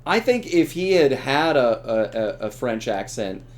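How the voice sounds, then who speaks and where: A man's voice: medium pitch, very animated, unhurried. A middle-aged man who voices game characters, chatting casually while playing a game, laughing often and trailing off mid-sentence. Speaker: streamer and voice actor.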